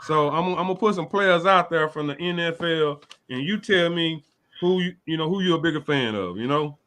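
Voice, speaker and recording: A man's voice: a little high, moderate pace, fairly bright tone. A man hosting a casual sports interview, laid-back and full of slang as he gives advice. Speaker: host.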